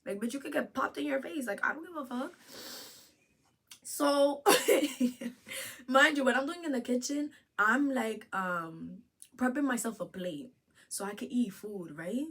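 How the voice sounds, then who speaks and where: A young woman vlogger telling a storytime with slang and profanity, laughing often, jumping from loud outbursts to hushed asides. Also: on the high side, animated, a little slow. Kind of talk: storytime vlog.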